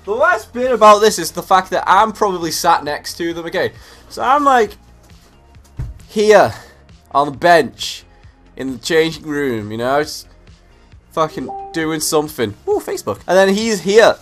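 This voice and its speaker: A man's voice: on the high side, unhurried, pauses often, soft background music. A young man, ranting in a comic vlog, swearing and acting out gym scenes. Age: young adult. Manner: animated, sweary, acts out scenes. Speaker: comedy vlogger. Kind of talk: comedic rant to camera.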